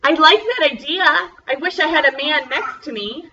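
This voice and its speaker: A young woman teaching a first grade class over a video call, slowly spelling out words in a bubbly, encouraging way. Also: high-pitched, lively intonation, bright, forceful tone, muffled recording. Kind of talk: online class lesson.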